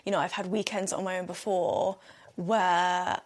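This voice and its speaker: A woman's voice: fairly low pitch, steady tone, a little slow. Giggly chatty woman podcaster. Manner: chatty and giggly, breaks into laughter. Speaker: podcast host. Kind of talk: casual solo podcast chat.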